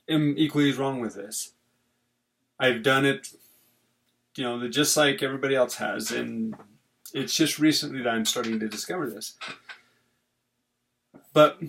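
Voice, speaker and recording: A middle-aged man talks about parenting in an earnest, conversational way, slightly higher-pitched than most men. He is a family therapist and often repeats a phrase to drive the point home. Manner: earnest, conversational, leans on repetition. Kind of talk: informal talk on parenting.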